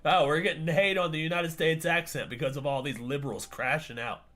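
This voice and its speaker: A man hosting a live reaction stream, ranting loudly, swearing and laughing as he talks. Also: on the high side, fairly even intonation, brisk, faint music behind. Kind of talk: casual reaction stream commentary.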